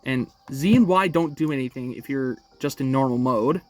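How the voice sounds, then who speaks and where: A man's voice: medium pitch, normal speed, no room sound, soft background music. A young man hosting a casual game walkthrough, talking each step through in an upbeat, chatty way at home. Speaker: gaming channel host.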